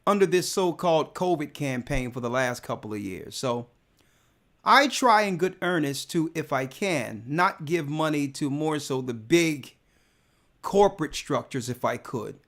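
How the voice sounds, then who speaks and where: A man's voice: fairly high pitch, a bit bright. A man, a church elder, telling a personal testimony in casual speech, emphatic and often repeating words as he builds his point.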